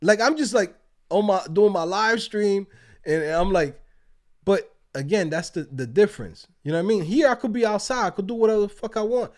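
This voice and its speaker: Outdoors, a man with a high, brisk voice hosts a casual livestream. He is an animated, profane storyteller, swearing a lot and laughing throughout.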